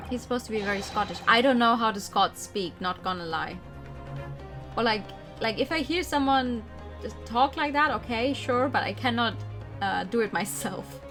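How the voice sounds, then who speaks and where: A woman's voice: on the high side, animated, normal speed. A woman streaming a game, reading every part aloud and making casual, self-deprecating asides. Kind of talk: let's play, reading all parts. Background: background music.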